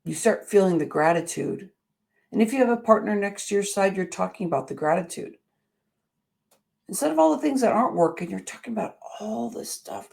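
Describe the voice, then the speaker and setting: A woman's voice: medium pitch, lively intonation, fairly quick, vocal fry, darkish tone. A middle-aged woman hosting a motivational show, telling a personal story in an earnest, emphatic way. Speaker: show host.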